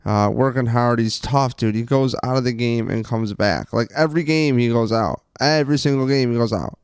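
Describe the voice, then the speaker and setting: A man co-hosting a casual sports podcast, ranting with plenty of profanity and excitement. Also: mid-range voice, moderate pace, clear, resonant tone, dry recording, studio quality. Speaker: podcast co-host.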